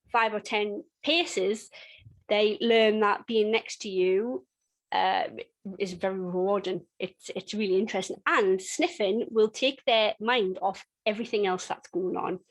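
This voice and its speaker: A middle-aged woman giving a dog-training webinar in a chatty, conversational way, with frequent restarts and lively bursts when acting out games. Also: mid-range voice, low-quality recording. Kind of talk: webinar teaching.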